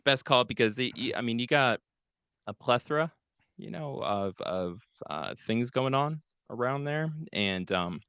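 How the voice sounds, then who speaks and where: A man's voice: medium pitch, lively intonation, measured pace, a bit bright, clear, resonant tone, dry recording, highs cut off. A man hosting a casual call-in show, talking in a loose, rambling way. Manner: laid-back, rambling, with fillers. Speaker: show host.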